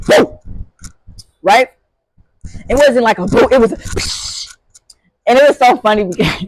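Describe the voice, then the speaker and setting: A young woman telling a story in a casual vlog, animated and slangy, with full of fillers, jumping into high shouts when acting out scenes. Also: rough recording. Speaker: vlogger.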